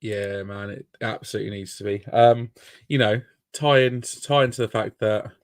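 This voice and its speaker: A man hosting a casual sports podcast, rambling and joking in a relaxed way. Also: lowish voice, moderate pace, no echo. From Britain. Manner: relaxed, rambling, mock-formal apologies. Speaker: podcast host.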